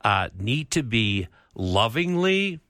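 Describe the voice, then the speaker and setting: Earnest straight-talking man, bright voice. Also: mid-range voice, sing-song, no room sound, clean studio sound. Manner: straightforward, earnest, drawn-out emphasis. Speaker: Christian counselor guest. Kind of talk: faith talk show conversation.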